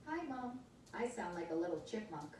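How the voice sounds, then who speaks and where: Cheerful young girl hedgehog read by a synthetic woman's voice, eager, storybook, smooth, mellow, far off, echoey room. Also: on the low side, very animated, moderate pace, slight background noise. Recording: echoey room, smart speaker heard from afar.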